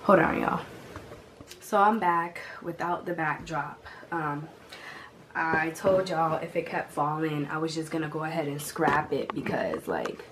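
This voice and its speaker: A woman's voice: low-pitched, a little slow, slight background noise. Sick young woman telling a story. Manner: animated, slangy, talks straight to viewers. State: sick with a cough. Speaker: vlogger. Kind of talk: casual storytime vlog.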